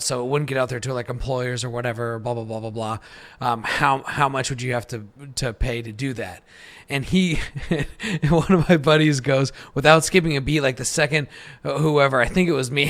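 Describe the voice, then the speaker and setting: A man's voice: mid-range voice, fairly bright tone. A young man hosts his podcast alone and tells a loose, rambling story. His voice sits in a mid range. He swears freely and laughs through the funny parts. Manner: laid-back, profane, laughs through his stories. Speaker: podcast host. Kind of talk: casual storytelling monologue.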